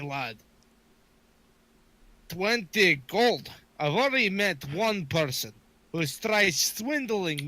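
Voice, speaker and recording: A man's voice: high voice, bright, forceful tone, voice pushed up, exaggerated voice. A man voicing a bold male dwarf adventurer with a put-on Scottish accent, haggling hard. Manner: bold, bartering.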